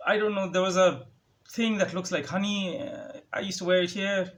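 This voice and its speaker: A man's voice: high voice, steady tone, normal speed, a bit bright. A young man ranting sarcastically at home into a phone, mimicking others with a raised voice. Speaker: vlogger. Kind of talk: casual ranting monologue. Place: home, indoors.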